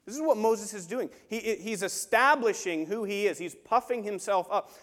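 A man with a high voice preaching a sermon in a church sanctuary. He is animated and slips into the voices of the people he quotes. His voice rings out with a long hall reverb behind it. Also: moderate pace, hardly any pauses. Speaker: pastor.

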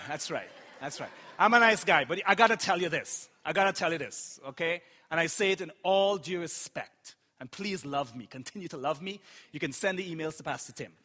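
Impassioned pastor in a reverberant hall. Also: male voice, on the high side, expressive, moderate pace, sharp tone. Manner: impassioned, playful asides to the congregation. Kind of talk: sermon. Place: church sanctuary.

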